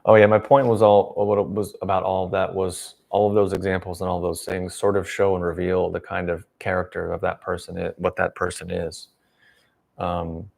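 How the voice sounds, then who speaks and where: A man's voice: low-pitched, vocal fry, a little mellow. A man hosting a livestream, giving a rambling, sarcastic opinion monologue. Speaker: livestream host.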